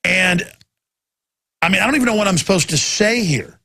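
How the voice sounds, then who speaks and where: A man hosting a talk radio show, ranting intensely in a rambling monologue that climbs to loud, excited peaks. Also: sits high, normal speed, gravelly, breathy edge.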